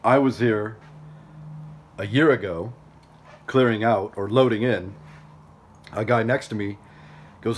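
A man vlogging outdoors at a storage facility, telling a story in a chatty, animated way and acting out other people's lines. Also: on the low side, a little slow, long pauses, a little hiss or hum. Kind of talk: casual storytelling vlog.

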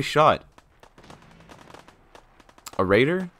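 A young man streaming a game, giving casual running commentary that jumps between muttered asides and loud yelps. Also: lowish voice, normal speed, faint music behind. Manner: excitable, swings from mumbling asides to loud yelps and laughter. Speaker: gaming streamer. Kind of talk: casual let's-play commentary.

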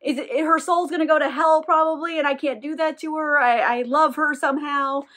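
A woman voicing a lovesick, dramatic sixteen-year-old male vampire hunter, stammering and whiny, with a high voice. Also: steady tone, fairly quick, fairly bright tone. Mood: earnest.

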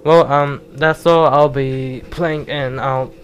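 Excitable man doing game commentary. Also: medium pitch, takes it slowly, slight background noise. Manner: excitable, swearing. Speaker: gaming channel host. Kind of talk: let's play commentary.

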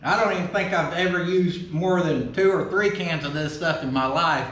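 A folksy, excitable man with a drawl, chatting casually and cussing easily as he opens fan mail. His voice sits high for a man. The sound bounces around a roomy workshop. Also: normal speed, slight background noise. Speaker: vlog host opening fan mail. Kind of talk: casual chat. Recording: roomy echo.

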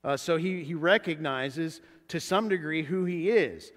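A man preaching a sermon as pastor, animated and acting out the voices he quotes. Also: a little high, unhurried. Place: church sanctuary. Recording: church hall reverb.

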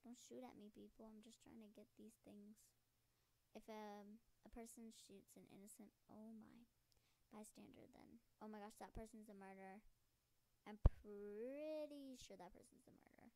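A young woman giving casual commentary on her game as a gaming channel host, bubbly and chatty, dropping into whispers and bursting into sudden shouts. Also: mid-range voice, flat delivery, moderate pace, background noise.

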